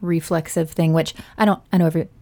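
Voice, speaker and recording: A woman's voice: deep voice, fairly even intonation, fast talker, mellow. A woman in casual conversation, offering reflective advice as a parent. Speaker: parent in discussion. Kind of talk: casual chat.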